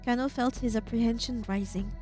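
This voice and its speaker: A young woman streamer reading a game's text aloud with expressive narration and casual asides. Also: on the high side, a little fast, faint music behind.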